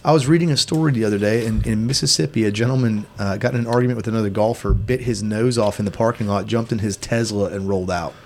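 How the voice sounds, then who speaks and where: A man's voice: fairly low pitch, fairly even intonation, fast, hardly any pauses, a little hiss or hum. A man co-hosting a casual podcast, bringing up odd news stories with hesitant fillers. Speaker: podcast co-host. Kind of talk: casual chat.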